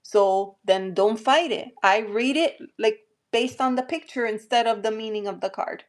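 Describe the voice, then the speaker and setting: A woman from New Jersey with a light accent, talking gently and reassuringly with many fillers while hosting a live tarot stream. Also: on the high side, moderate pace. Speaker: tarot reader hosting a livestream. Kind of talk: live-stream chat and readings.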